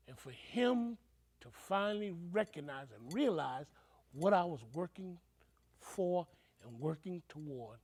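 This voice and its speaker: Older preacher guy telling his story, kinda high voice, gets emotional, does voices. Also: a little mellow. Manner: emotional, acts out quoted voices. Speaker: reverend. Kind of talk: personal storytelling.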